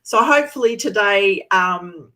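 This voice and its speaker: A woman's voice: medium pitch, lively intonation, a little slow, sharp tone. An Australian woman from Sydney, a language teacher giving an online presentation and explaining patiently with frequent ums. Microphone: video call.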